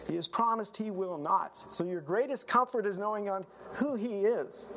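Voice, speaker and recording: High, bright-voiced man preaching earnestly. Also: animated, normal speed, a little hiss or hum, poor audio. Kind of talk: sermon.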